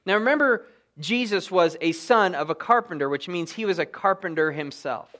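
A man serving as pastor preaches a sermon at normal speed in a high-sitting voice. He tells the story with animated emphasis, then suddenly drops to a hush.

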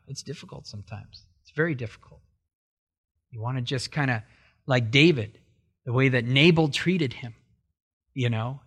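A male pastor preaching an expository sermon in an animated way, acting out dialogue with sudden loud bursts. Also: mid-range voice. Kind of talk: sermon teaching.

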